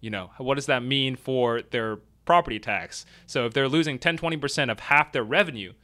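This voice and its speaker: A man's voice: mid-range voice, fairly quick, pushed and bright. A man hosting a weekly real estate news stream in a casual, chatty way, talking through articles with fillers and self-deprecating asides.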